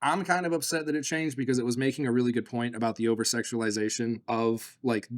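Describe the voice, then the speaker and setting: A man's voice: mid-range voice, fairly even intonation, fast. A man from the Midwest riffing as co-host of a casual podcast. He rambles loosely, swears freely and breaks into laughter often. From Michigan.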